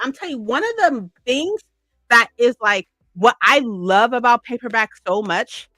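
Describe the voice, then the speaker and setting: A woman's voice: a little high, animated, moderate pace, sharp tone, no room sound, soft background music. A woman chatting on a livestream, rambling and gushing with lots of "like" and "right?". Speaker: streamer. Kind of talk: casual livestream chat.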